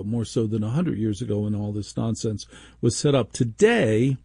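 A man's voice: medium pitch, darkish tone, breathy edge, no room sound, clean studio sound. A man hosting a call-in radio talk show, chatty and self-mocking.

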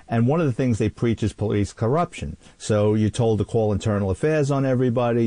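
A man who served as a police officer, telling an animated anecdote and acting out voices in the quotes. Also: on the low side, dry recording. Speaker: retired police officer and author. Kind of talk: storytelling anecdote.

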